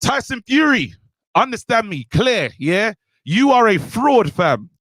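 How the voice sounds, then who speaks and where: A man's voice: high-pitched, very animated, a little slow, fairly bright tone, shouting. A young man, a podcast co-host ranting angrily in heated chat. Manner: ranting, worked up, calls out a boxer directly. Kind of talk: heated rant.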